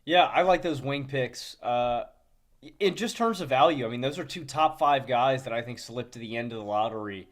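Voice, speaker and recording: A man co-hosting a podcast, chatting casually in a relaxed way with frequent filler sounds. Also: medium pitch, moderate pace. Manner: relaxed, many "uh" fillers and restarts, chuckles. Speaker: podcast co-host. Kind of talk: casual chat.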